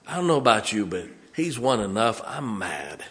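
A man, preaching a sermon as a pastor, swinging from loud to hushed. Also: fairly low pitch, big pitch swings, moderate pace.

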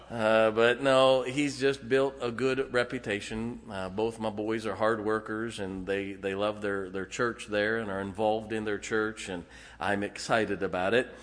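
Middle-aged male pastor preaching in a church, lowish voice, folksy and halting, long hall reverb. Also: fairly even intonation. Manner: folksy, halting with many fillers. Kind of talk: sermon. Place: church sanctuary.

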